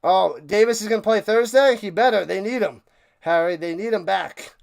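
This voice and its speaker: High, clear-voiced excited stream host. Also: male voice, moderate pace. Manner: excited, rambling, talks to chat viewers. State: out of breath. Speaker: sports livestream host. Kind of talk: casual live-stream sign-off chat.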